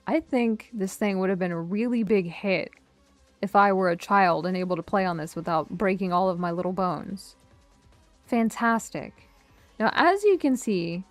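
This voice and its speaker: A woman's voice: mid-range voice, darkish tone, no room sound. A woman streamer chatting casually through a tier list, rambling, cutting herself off mid-word and joking as she reminisces. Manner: rambling, self-interrupting, nostalgic and jokey.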